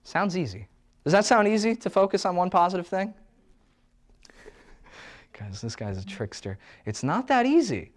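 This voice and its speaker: Guy coaching folks on stress, jokey asides, voice bounces all over, kinda high. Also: moderate pace, long pauses. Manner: animated and joking, with playful asides. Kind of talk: motivational talk.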